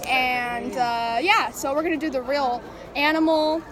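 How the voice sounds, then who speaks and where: A woman's voice: high-pitched, a little slow, a crowd in the background, poor audio. A young woman vlogger chatting and laughing with friends, giving directions for a silly game. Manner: giggly, chatty, bossy about the game. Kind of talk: casual chat with friends. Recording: loud background noise.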